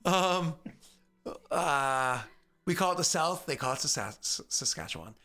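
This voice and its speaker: Guy game master, bright sharp voice, rambly with lots of ums. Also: on the high side, expressive, measured pace. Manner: chatty, rambling, with many fillers. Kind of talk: narrating a tabletop game.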